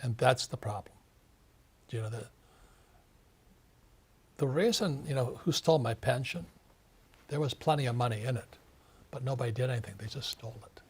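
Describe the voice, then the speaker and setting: This seventies-aged author has a medium-pitched voice with a breathy edge, speaks at normal speed and pauses often. In an animated interview, he rants emphatically, mimicking people and repeating words.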